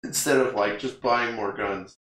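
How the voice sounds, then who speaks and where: A man's voice: lowish voice, steady tone, moderate pace, fairly bright tone. A man co-hosting a podcast, casually recapping a movie in a rambling way, laughing often and swearing freely. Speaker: podcast co-host. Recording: echoey room.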